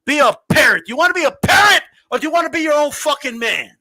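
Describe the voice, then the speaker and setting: High-voiced guy ranting and cussing on a podcast, sharp and punchy, dry close sound. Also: lively intonation, fast, no room sound, rough recording. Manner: profane, loud, mocking, often shouting. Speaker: boxing podcast host. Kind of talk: heated uncensored podcast rant.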